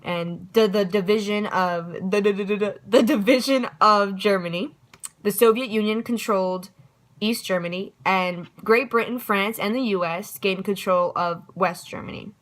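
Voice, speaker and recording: A woman's voice: mid-range voice, moderate pace, rough recording. A young woman giving a casual history review, chatty and self-deprecating, now and then tripping over her words.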